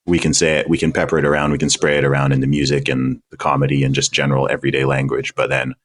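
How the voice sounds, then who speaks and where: A man's voice: extremely low pitch, monotone, quick pace, fairly bright tone, slightly rough. A man with a British accent, a guest on a podcast interview, answering bluntly and emphatically and repeating words as he stresses his points. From United Kingdom. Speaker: guest, independent rapper.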